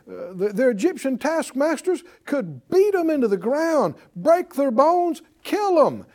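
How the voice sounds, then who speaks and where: A man preaching to a Bible class, calling out for responses and swinging between loud and soft. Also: very high voice. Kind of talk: lively sermon teaching.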